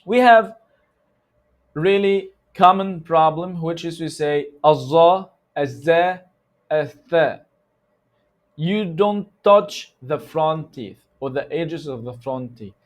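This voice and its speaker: A man with an Egyptian Arabic accent, a native Arabic speaker, teaching a recitation lesson in loose conversational English and slowly repeating sounds to demonstrate them. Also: fairly high pitch, expressive. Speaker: tajweed teacher. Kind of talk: instructional lesson.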